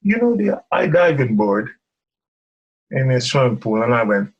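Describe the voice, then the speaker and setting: Husky, laughing storyteller man. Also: medium pitch, very animated, unhurried, muffled recording. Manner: laughs often, acts out quotes, stammers. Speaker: guest, firefighter. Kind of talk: animated storytelling.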